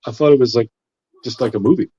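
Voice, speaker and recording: A man's voice: mid-range voice, fast talker, warm tone. A man hosting a casual livestream chat, laid-back and agreeable, who laughs easily. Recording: dull lo-fi stream audio.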